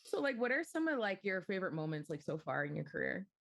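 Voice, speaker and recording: A woman's voice: medium pitch, very animated, quick pace, gravelly, a bit bright. A woman hosting a podcast interview, chatting casually, with playful interjections and frequent giggles. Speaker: podcast host.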